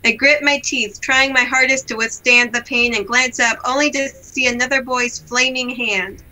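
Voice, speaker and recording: A young woman reading a story game aloud, expressive and giggly, chatting with a friend over an online call. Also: on the high side, moderate pace, poor audio. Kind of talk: reading game text with casual chat. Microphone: online call setup.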